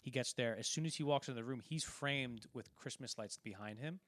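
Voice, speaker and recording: A man's voice: mid-range voice, brisk, fairly bright tone. A man casually talking through a film, rambling and acting out quoted lines as he retells scenes. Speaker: podcast co-host.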